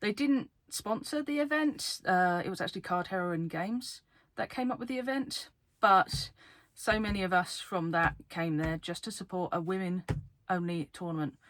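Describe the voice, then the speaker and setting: A woman card game YouTuber from the UK, talking fast and excitedly to camera in a casual vlog, laughing often. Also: lowish voice. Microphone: camera facing her.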